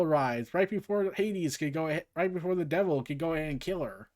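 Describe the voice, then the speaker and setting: A man retells a comic book in a casual read-along, tossing in jokey asides. His voice is lively, with pitch swinging freely up and down. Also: brisk, few pauses. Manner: joking, animated retelling with asides. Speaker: comic reader and commentator.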